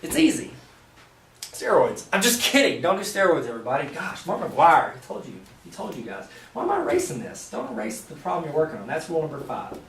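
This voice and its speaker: Speaking a little fast and far from the mic, a man delivers a joking math lesson in a room with a whiteboard. His voice is fairly high with lively ups and downs, and he walks through each step plainly, adding playful asides to the viewer. The sound is roomy.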